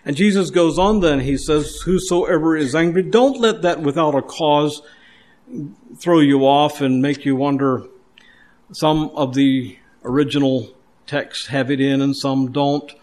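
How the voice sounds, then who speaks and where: A man preaches a sermon in an earnest, emphatic way, circling back over his words and restarting phrases as he builds a point. His voice sits a little higher than most men's. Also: fairly even intonation, unhurried, a little mellow. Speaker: pastor.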